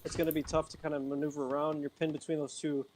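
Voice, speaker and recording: Dude co-casting a strategy game, kinda high voice, chill and agreeable, faint clicks behind. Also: male voice, flat delivery, fast, darkish tone, a little hiss or hum. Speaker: co-commentator. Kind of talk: esports commentary.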